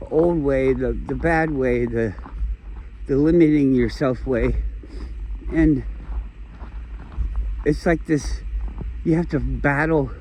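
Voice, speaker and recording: A man talking to the camera in a meandering, philosophical monologue, with lots of swearing, restarts and low muttered asides. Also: mellow, slight background noise, low-quality recording. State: emotional, has been crying. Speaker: vlogger. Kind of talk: rambling personal monologue.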